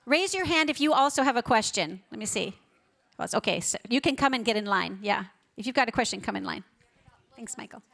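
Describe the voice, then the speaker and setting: A woman's voice: a little high, lively intonation, a little fast, creaky. Emphatic woman speaker at a conference. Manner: emphatic, builds up lists of words; drops to a soft, quiet voice when telling a story. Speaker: pro-life educator giving a conference talk. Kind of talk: conference talk with Q&A. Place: large conference hall on stage.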